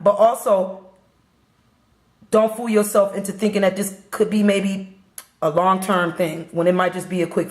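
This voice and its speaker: Chatty woman reading tarot, echoey room. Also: mid-range voice. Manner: chatty, repetitive, addresses viewers directly. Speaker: tarot reader. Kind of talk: casual tarot reading to camera.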